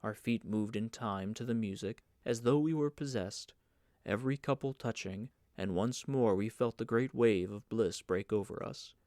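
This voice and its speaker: A man narrating an audiobook of a novel in an even, measured reading. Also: lowish voice, no room sound, clean studio sound. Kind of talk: scripted narration.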